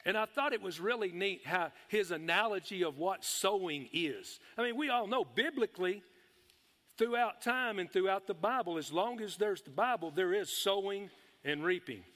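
A middle-aged man preaching a sermon, folksy and excitable, breaking into shouts of praise. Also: sits high, normal speed. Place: church hall. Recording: long hall reverb.

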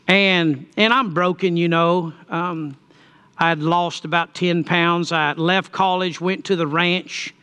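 Man, pastor preaching, folksy storytelling, high voice, bright tone. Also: steady tone, takes it slowly, clear, resonant tone. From Texas. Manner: folksy, rising to emphatic preaching. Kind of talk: sermon storytelling.

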